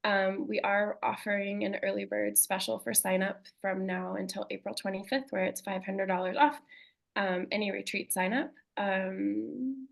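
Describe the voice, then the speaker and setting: A woman presenting a retreat on a webinar video call, halting with many ums, her voice a little worn. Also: medium pitch, fairly even intonation, gravelly, rough recording. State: losing her voice. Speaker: retreat co-facilitator.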